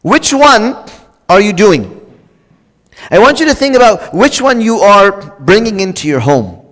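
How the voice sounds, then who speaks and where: A man's voice: high-pitched, sing-song, a little slow, a bit bright. A man giving a conversational, joking sermon, speaking straight to the congregation with casual fillers and restarts. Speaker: preacher. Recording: long reverb of a large hall.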